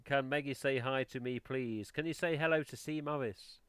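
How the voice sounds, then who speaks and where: A man's voice: mid-range voice, normal speed, clean tone, dry recording. A man hosting a casual livestream, chatting in a rambling, self-interrupting way. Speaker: livestream host. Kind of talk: casual chat.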